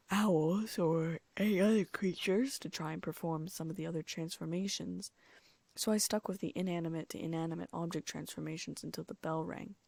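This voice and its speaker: A woman's voice: fairly low pitch, creaky, darkish tone, husky, no echo. A woman reading a fan-fiction audiobook aloud in first-person narration. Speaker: audiobook reader.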